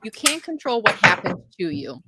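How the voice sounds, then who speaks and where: A woman's voice: medium pitch, very animated, normal speed, very noisy. A woman guest on a video-call livestream, giving upbeat, encouraging motivational career coaching and leading the audience in repeating lines.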